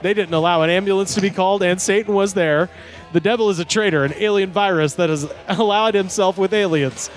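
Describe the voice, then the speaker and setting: A man with a fairly high voice reads listener comments aloud on a comedy podcast, breaking into laughs between lines. Faint music sits behind him. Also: fairly quick. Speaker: podcast host.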